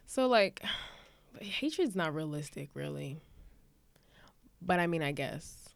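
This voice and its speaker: A young woman co-hosting a casual podcast, telling an animated story and acting out the people in it. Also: low voice, slow, gravelly, dry recording. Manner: animated, imitates people in her stories, swears casually. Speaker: podcast co-host.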